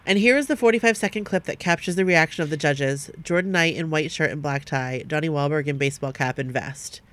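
A woman co-hosting a podcast, reading listener stories aloud at a steady pace and breaking off now and then to chat with her co-host. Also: low voice, fairly quick.

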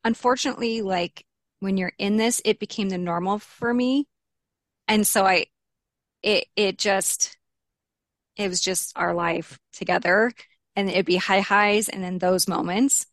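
A young adult woman, interviewed as a guest, candidly recounts a personal ordeal at a measured pace, her pitch rising when she quotes heated arguments. The studio-quality recording has no echo.

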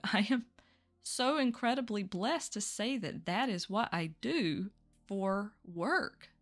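A woman's voice: mid-range voice, a bit bright. A woman hosting a solo spiritual podcast, talking candidly and reflectively, with little laughs between thoughts. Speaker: podcast host.

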